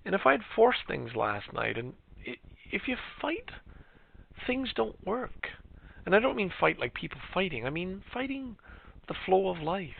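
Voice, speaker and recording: A man's voice: on the high side, vocal fry, husky. A middle-aged man hosting a podcast, talking in a casual, reflective, rambling way with frequent fillers. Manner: reflective, chatty, trailing off with fillers. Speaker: podcast host. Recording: lo-fi phone-like sound.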